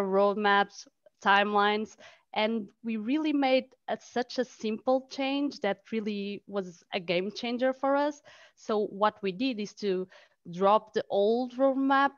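A woman's voice: mid-range voice, clear, resonant tone. Hesitant woman on a lo-fi call. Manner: hesitant, many fillers and restarts. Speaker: audience participant. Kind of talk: casual online Q&A. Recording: dull lo-fi call audio.

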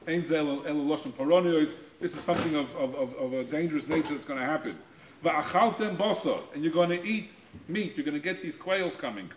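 Male guest speaker, slightly higher voice, teaching Torah to teens, animated with quotes, repeats words, reverberant school space. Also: fairly quick, a little hiss or hum. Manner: acts out quoted voices with pitch jumps; repeats words while finding phrasing. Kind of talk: Torah talk to high school students. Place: school room.

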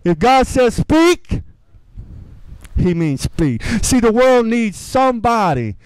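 A man's voice: extremely high pitch, sing-song, takes it slowly, clear, resonant tone, no room sound, poor audio. A man preaching a sermon as pastor, repeating rhetorical questions, calling for amens, and using informal, earnest phrasing. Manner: repetitive rhetorical questions, calls for amen.

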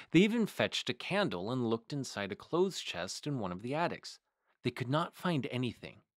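A man hosting a storytime, reading a picture book aloud in a measured, expressive way. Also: lowish voice, no echo, clean studio sound. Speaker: storytime host.

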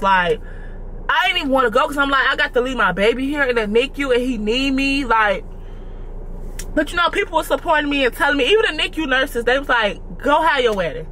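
A woman's voice: a little high, a bit bright, a little hiss or hum. A young woman chatting casually to her viewers, calling them y'all. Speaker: vlogger. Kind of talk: casual mukbang chat to viewers.

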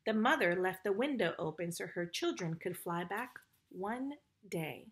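A woman voicing a gentle, motherly girl who tells stories, speaking softly. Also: on the low side, lively intonation, unhurried. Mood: dreamy. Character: caring motherly girl storyteller.

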